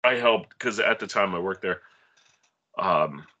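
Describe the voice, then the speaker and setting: A man's voice: low-pitched, a little slow, pushed and bright, muffled recording. A man co-hosting a podcast in casual chat, laid-back and rambling. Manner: laid-back, rambling, with playful bits of mock radio-announcer voice. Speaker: podcast co-host.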